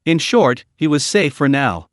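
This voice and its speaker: A man giving a scripted story narration in a steady storytelling read. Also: fairly high pitch, unhurried, no echo, studio quality.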